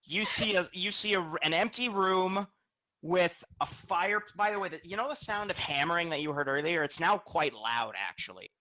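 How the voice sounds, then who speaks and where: Game master, male, bright and a touch high, descriptive scene-setter who restarts sentences. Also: expressive, normal speed, rough recording. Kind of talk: narrating a tabletop game.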